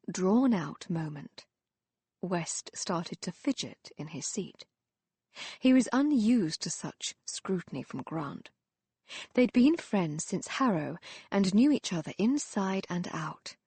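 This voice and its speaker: A woman reading a romance novel aloud as an audiobook narrator, in a measured, expressive storytelling manner. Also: on the low side, husky, no room sound.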